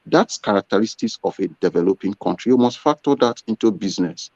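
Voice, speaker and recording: A man's voice: fairly low pitch, animated, quick pace, darkish tone, no echo. A man, a business owner, answering interview questions in an earnest storytelling way. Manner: earnest, storytelling with acted quotes. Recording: dull lo-fi sound.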